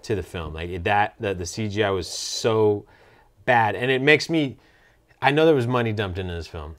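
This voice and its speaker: A man's voice: on the low side, expressive, moderate pace, a bit bright. A man co-hosting a casual movie review, easygoing and sarcastic. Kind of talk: casual chat.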